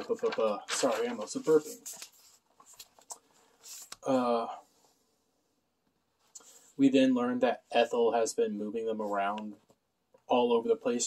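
A man's voice: fairly low pitch, rough recording. A man casually recapping a TV episode with sarcastic asides and frequent fillers. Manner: sarcastic, offhand, many "uh" fillers. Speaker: show reviewer.

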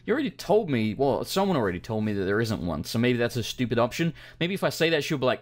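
A man's voice: medium pitch, big pitch swings, quick pace, few pauses. Sarcastic man playing a game. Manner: sarcastic, swears, mutters to himself. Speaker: let's play gamer. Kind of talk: casual gameplay commentary, reading game dialogue aloud.

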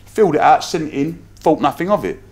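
A man's voice: a little high, quick pace. Chatty London man telling stories. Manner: lively anecdotes with acted-out quotes, frequent laughs. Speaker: podcast guest, entrepreneur. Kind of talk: casual storytelling.

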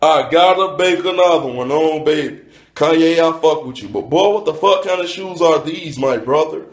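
A man delivering a rapid-fire comedic roast, with profane, rhythmic insults and a punchline he keeps repeating. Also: a little high, roomy sound.

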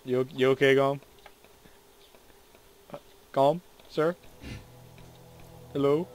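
A young man hosting a gaming video, excitable, laughing and swearing at the game while he plays. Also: medium pitch, slow, clear, resonant tone. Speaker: gaming channel host. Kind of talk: casual gameplay commentary.

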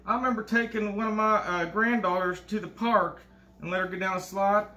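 A crude, bragging older state governor, as a man puts him on rambles. The voice sits high and bright. It rings in a roomy, echoey space. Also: fairly even intonation, brisk. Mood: ranting. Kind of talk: comedic impression monologue. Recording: echoey room.

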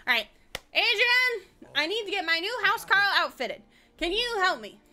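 A young woman streaming a game, joking and swearing in animated, loose commentary and laughing often. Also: very high-pitched, moderate pace. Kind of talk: casual live-stream gaming commentary.

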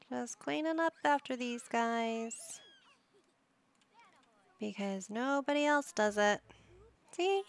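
A woman's voice: on the high side, creaky, a bit bright. A woman giving casual gameplay commentary, chatty and coaxing, talking to her characters like a parent would. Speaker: gaming YouTuber.

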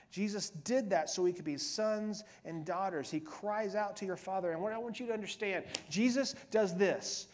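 A middle-aged man preaching in a church, his voice sitting a little high for a man. He talks to the congregation in a conversational way, then climbs to loud emphatic peaks and falls away to hushed, near-whispered lines. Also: normal speed, hardly any pauses. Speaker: pastor. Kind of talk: sermon. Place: church sanctuary.

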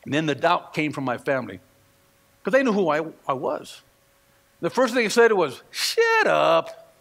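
A man's voice: a little high, very animated, normal speed, fairly bright tone. A man preaching a sermon as pastor, telling stories and acting out the voices of the people in them. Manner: storytelling preacher who acts out quoted voices. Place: church sanctuary. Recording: long reverb of a church hall.

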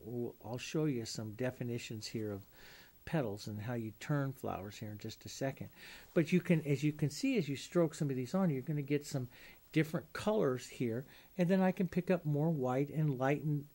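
Mellow-voiced man demonstrating painting. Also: a little high. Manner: casual, thinking aloud, asks and answers own questions. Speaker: painting instructor.

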